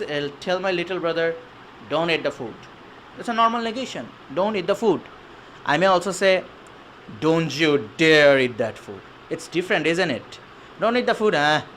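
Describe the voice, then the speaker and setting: A young man explaining grammar in a casual, animated lesson, acting out little voices for his examples. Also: high-pitched, slight background noise, poor audio. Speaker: online Arabic teacher.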